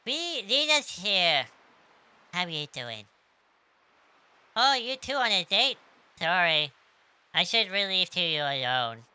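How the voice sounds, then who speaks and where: A streamer voicing an excitable, dog-like creature in a high, loud, teasing way while reading game dialogue. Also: slow, pauses often, clear, resonant tone, exaggerated voice.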